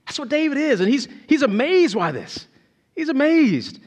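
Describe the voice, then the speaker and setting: A man preaching a sermon as pastor, emphatic and animated, repeating key phrases. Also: very high voice, fairly quick.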